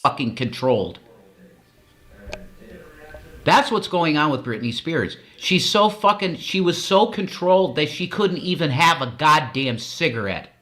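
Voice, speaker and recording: A man's voice: fairly high pitch, very animated, unhurried, pushed and bright. A man co-hosting a stream, ranting angrily with heavy profanity. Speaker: co-host of a streaming show. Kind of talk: ranting commentary.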